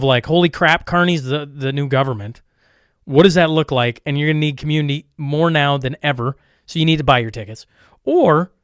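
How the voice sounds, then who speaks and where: A man with a high-sitting voice hosts a podcast, reading sponsor spots and event plugs in a casual, upbeat, rambling way full of restarts and self-corrections. The recording is dry, with clean studio sound, and covers ad reads and the show intro.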